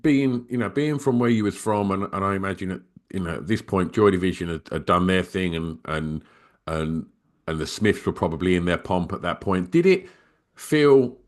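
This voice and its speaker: A man's voice: deep voice, moderate pace. A man from England hosts a podcast, asking long, meandering questions with enthusiasm. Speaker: podcast host. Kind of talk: casual interview.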